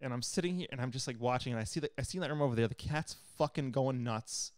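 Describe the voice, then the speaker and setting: This young podcast co-host talks fast in a mid-range voice, recorded dry at studio quality. Chatting casually, he tells a story full of swearing and acts out what people said with animated, profane energy.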